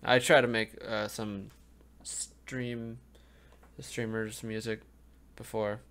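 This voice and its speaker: Sleepy, gravelly young man rambling. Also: lowish voice, little pitch movement, takes it slowly, a bit bright. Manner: rambling and hesitant, with frequent ums and restarts. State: sleepy, yawning. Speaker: music reaction video host. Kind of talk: casual reaction commentary. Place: home room in front of a webcam. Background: faint music playing.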